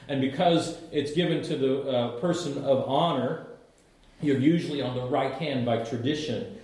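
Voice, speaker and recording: Middle-aged preacher in an echoey hall. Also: male voice, mid-range voice, a little slow. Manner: animated storytelling with humor and asides. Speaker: pastor. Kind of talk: sermon.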